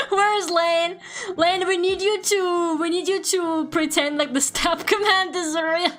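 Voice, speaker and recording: High-voiced chatty streamer woman. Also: steady tone, slow, a bit bright, faint music behind. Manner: chatty, laughs often, swears casually. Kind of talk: casual livestream chat.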